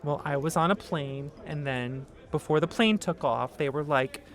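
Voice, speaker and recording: A woman with a Boston accent hosting a stream, teasing and joking in quick comebacks. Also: sits low. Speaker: streamer host. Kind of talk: casual stream chat.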